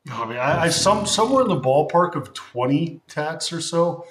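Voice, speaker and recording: A man's voice: on the high side, expressive, moderate pace, fairly bright tone. Rambling male streamer, echoey room. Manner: rambling, self-reflective, many restarts. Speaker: streamer and bodybuilder. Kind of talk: casual live-stream chat.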